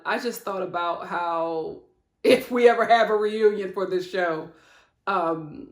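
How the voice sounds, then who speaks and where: A woman reviewing a reality show episode in a sassy, animated chat, throwing in mock quotes and quick asides. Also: mid-range voice, reverberant. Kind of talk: casual reality show recap. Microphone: studio-lit webcam setup.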